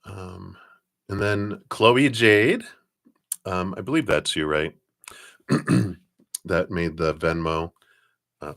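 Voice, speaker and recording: Deep-voiced middle-aged guy doing live card readings, chatty, keeps chuckling and clearing his throat. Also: fairly bright tone. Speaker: tarot card reader hosting live stream. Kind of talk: casual live-stream chat.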